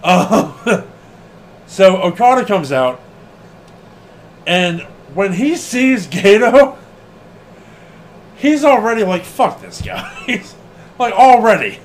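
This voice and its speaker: A man with a high, lively voice talks slowly through a casual wrestling podcast. He laughs a lot, swears freely and acts out what people said. A faint hum of room noise sits behind him. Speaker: podcast co-host.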